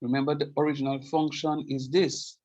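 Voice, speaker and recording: A man's voice: on the high side, little pitch movement, fairly quick, a little mellow, dull audio. A middle-aged man teaching a calculus lecture, repeating key points with emphasis and checking that students follow. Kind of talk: classroom math lecture.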